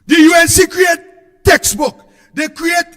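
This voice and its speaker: A man with a Trinidadian accent giving an impassioned political speech, shouting in a repetitive, sing-song way. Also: extremely high pitch, slow, in a large hall. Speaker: political speaker.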